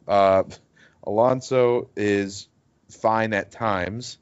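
A man's voice: on the low side, fairly even intonation, extremely slow, clear, resonant tone, dull audio. A man co-hosting a casual sports podcast, talking in a rambling, hesitant way with many fillers. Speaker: podcast co-host.

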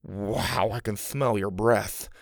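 A man voicing a nervous young boy in an audiobook, asking anxious questions in a high, breathy voice. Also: steady tone, takes it slowly, dry recording.

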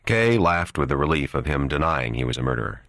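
A man narrating an audiobook with an extremely deep, low voice. He tells the story in a steady, even way. The recording is dry and close, with no room echo. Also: fairly quick.

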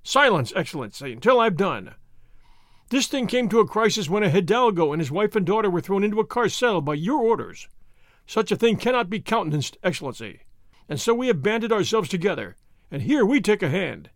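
A man's voice: high-pitched, big pitch swings, fairly quick, no echo, studio quality. A man voicing a proud young noble horseman leader in an audiobook reading, speaking in a stern, declaiming way.

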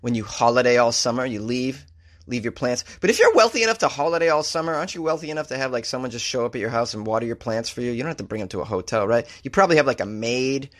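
A man's voice: mid-range voice, fairly bright tone. A man from Massachusetts hosting a comedy show, riffing sarcastically on strange news stories and laughing at his own jokes.

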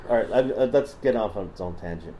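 A man's voice: on the low side, expressive, fast talker, warm tone, a little hiss or hum, rough recording. A man from Southern California co-hosting a podcast, a bit drunk, reading folklore notes in a loose, swearing, laughing way. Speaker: podcast co-host.

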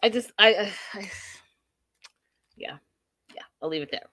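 A woman's voice: medium pitch, expressive, measured pace, sharp tone, no room sound. A young adult woman hosting a casual reality TV recap, chatty and opinionated, with playful asides to her viewers.

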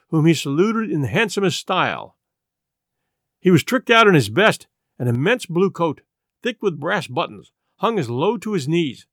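A man narrates a classic adventure novel, storytelling with plenty of expression. His voice is a touch high and rises and falls freely. The recording is close and dry. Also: fairly bright tone, dry recording. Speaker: audiobook narrator.

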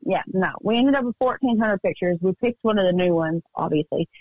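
A woman's voice: mid-range voice, expressive, husky, no echo. Chatty upbeat woman, dry dull audio. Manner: chatty, upbeat, quick storytelling. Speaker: guest singer-songwriter. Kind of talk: casual radio interview chat. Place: remote call from home studio.

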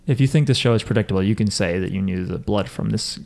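A man's voice: on the low side, fast talker, vocal fry, darkish tone. A young man hosting a podcast, recapping an anime in casual, joking chat and swearing freely. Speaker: podcast host.

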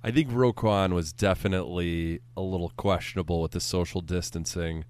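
A man's voice: low-pitched, fairly even intonation, fairly quick, darkish tone, clear, resonant tone. A man hosting a sports podcast, chatting casually with a dry, teasing humor.

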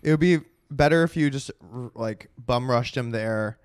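A man's voice: medium pitch, normal speed, smooth, no room sound. Dry teasing man, casual. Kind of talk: casual chat.

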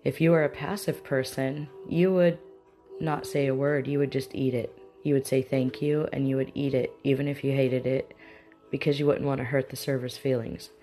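Casual instructor voice, conversational, mid-pitched, light background music. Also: flat delivery, normal speed, mellow. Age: adult with children. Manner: conversational, acts out example dialogues. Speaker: mindfulness teacher. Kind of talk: casual spoken lesson.

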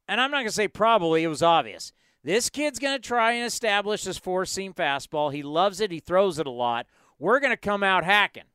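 Fifties guy on sports radio, excitable storyteller, dry close sound. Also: sits high, clear, resonant tone, no echo. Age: 50s. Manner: excitable, storytelling, self-mocking. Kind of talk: casual sports talk.

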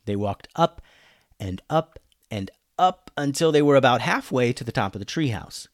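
A man narrating a children's adventure story with an expressive, animated delivery. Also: medium pitch, normal speed, no echo, studio quality.

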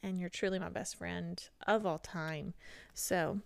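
Heartfelt woman podcaster with a gravelly edge. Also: lowish voice, fairly even intonation, measured pace, no room sound. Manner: heartfelt, rambling, self-deprecating. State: tired voice, barely able to talk. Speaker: podcast host. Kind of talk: emotional solo podcast talk.

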